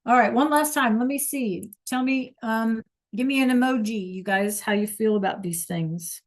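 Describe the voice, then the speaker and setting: A woman's voice: a little high, normal speed. A woman teaching an online Spanish class over a video call, encouraging students to answer in the chat.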